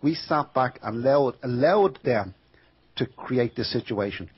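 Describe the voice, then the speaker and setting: Husky man urging listeners. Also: mid-range voice, lively intonation, a little slow, highs cut off. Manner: exhorting, urgent, repetitive. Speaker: caller or guest. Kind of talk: impassioned appeal.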